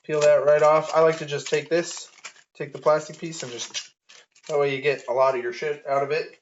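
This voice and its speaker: A man's voice: fairly high pitch, little pitch movement, moderate pace, slight background noise. A man telling jokes and cooking on a casual live stream, playful, with goofy sound effects. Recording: dull lo-fi audio.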